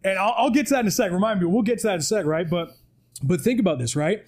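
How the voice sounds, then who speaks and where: On a podcast in a studio, a male guest with a high, somewhat dark voice speaks very fast in an animated, motivational style. He preaches his points emphatically, often tacking "right?" onto the end.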